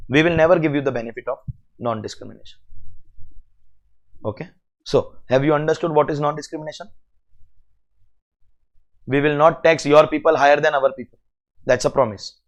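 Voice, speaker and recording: A male lecturer with an Indian English accent works through a tax lesson. His voice sits a little high, and he keeps firing rhetorical questions at the class with lively energy. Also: brisk, long pauses, dull audio. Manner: animated, rhetorical questions to students. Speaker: CA exam lecturer.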